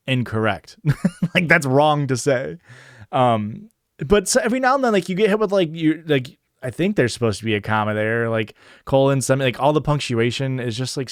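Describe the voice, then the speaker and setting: A man's voice: mid-range voice, no room sound. Young male streamer, light Chicago-area accent, loose rambling talk with plenty of "like", clean resonant tone, dead-dry booth sound. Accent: Chicago-area Midwestern American. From northern Illinois, USA. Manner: rambling, lots of "like" fillers and profanity. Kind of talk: casual chat answering chat. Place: home streaming setup.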